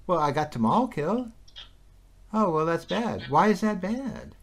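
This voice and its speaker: A man in a heated conversation, agitated and repetitive. His voice sits fairly high and swings widely in pitch. He keeps circling back to rhetorical questions and laughs between points. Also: big pitch swings, normal speed. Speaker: conversation partner.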